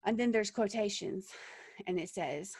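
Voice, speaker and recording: A woman teaching an online acting workshop, lively and animated, checking in with her listeners by asking "okay?" and "yeah?". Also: mid-range voice, a little slow, breathy edge, no echo.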